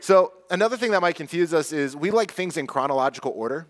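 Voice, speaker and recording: A man's voice: fairly high pitch, expressive, quick pace. A man preaching a sermon as pastor, earnest and conversational, with light self-deprecating asides. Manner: hushed, soft prayer.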